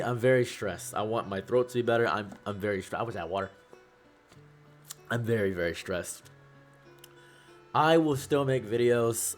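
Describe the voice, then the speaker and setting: A young man talking to camera in a halting, upset way, close to tears, repeating himself and trailing off. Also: fairly low pitch. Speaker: YouTuber. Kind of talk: emotional talk to camera.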